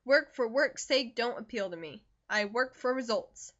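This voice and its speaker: A woman voicing a talkative young man who is recovering from a fever, brisk and jovial, in an audiobook reading. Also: a little high, lively intonation, fairly bright tone, dull audio.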